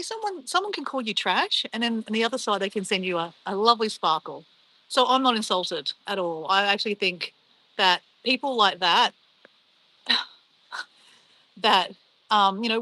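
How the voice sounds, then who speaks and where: A middle-aged Australian woman with an Australian accent hosts a casual livestream. She is chatty and upbeat, reading out chat messages and brushing off insults. Her voice is a little high with a sharp tone, and the recording is low quality.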